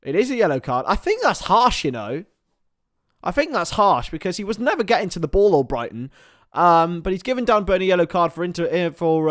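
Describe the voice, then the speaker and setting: Young guy doing live match commentary on stream, kinda high voice, dry close mic, lots of ums. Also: no room sound. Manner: excitable play-by-play, drops to mumbled asides with fillers. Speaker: watchalong host and commentator.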